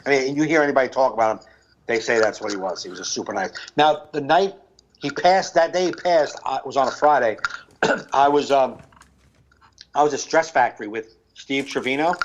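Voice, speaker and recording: A man's voice: mid-range voice, fairly quick, dull audio. A man co-hosting a comedy podcast, telling loose stories in casual chat and laughing often.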